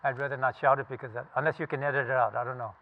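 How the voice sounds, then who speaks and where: A man's voice: mid-range voice, steady tone, racing. Blunt older veteran man, tinny sound. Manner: blunt and profane, emphatic. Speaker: veteran telling his story. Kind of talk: casual spoken recollection to a group.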